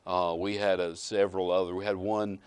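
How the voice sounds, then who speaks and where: A man with a low voice answers questions haltingly. He pauses and restarts often as he talks. The sound is dry and close to the microphone. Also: level tone, a little mellow, clean tone, no room sound. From Alabama. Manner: hesitant, with many uh fillers and restarts. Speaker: former state representative and guest. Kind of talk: casual interview chat.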